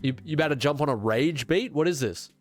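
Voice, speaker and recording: A man's voice: a little high, expressive, a little fast, soft background music. A young man streaming a video game, congested from a cold, chatting casually to his viewers with sarcastic, mock-outraged asides. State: congested, sick. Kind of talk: casual gaming stream chat.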